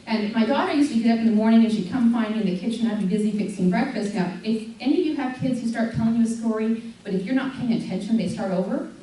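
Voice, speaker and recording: A middle-aged woman tells parenting stories to a live audience, slipping into playful voices with sudden leaps up and down. Her slightly high voice comes from well back from the mic, and a hall with strong echo carries every word. A faint hum sits under the room. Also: quick pace, hardly any pauses, recorded from a distance. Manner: animated storyteller, acts out voices of her daughter with big pitch jumps and laughs. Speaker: speaker at a parenting group.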